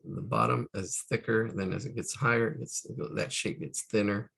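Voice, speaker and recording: A man's voice: lowish voice, fairly even intonation, moderate pace, gravelly, a bit bright, slightly rough. A man teaching caricature drawing live, talking through each stroke, counting aloud and trailing off into muttered asides. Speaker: art instructor.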